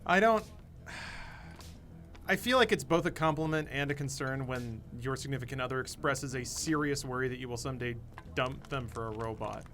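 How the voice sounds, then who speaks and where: A man's voice: medium pitch, normal speed, fairly bright tone, soft background music. A man co-hosting a gaming livestream, in casual, joking banter with a dry, sarcastic edge. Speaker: podcast co-host. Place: studio room, gaming livestream.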